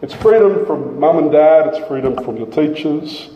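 A middle-aged man preaching a sermon, emphatic, slowing down and repeating his key phrases. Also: on the high side, animated, lo-fi sound, a little hiss or hum. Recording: echoey hall from a distance.

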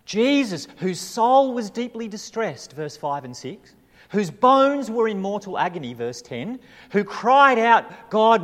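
A man's voice: high voice, a bit bright. A man preaching a sermon as a pastor, with emphatic delivery and frequent rhetorical questions. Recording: reverberant hall.

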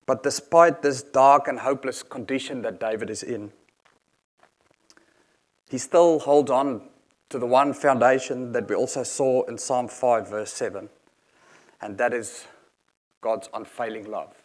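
A man's voice: mid-range voice, steady tone, unhurried, pauses often. A man preaching a sermon in an earnest, explanatory manner, reading scripture aloud and unpacking each verse.

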